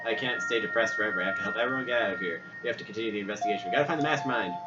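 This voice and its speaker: A man's voice: lowish voice, rapid-fire. A man playing a video game, reading the dialogue aloud in a jokey way and laughing often. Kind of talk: casual let's-play narration with put-on voices. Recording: dull lo-fi audio with loud game music.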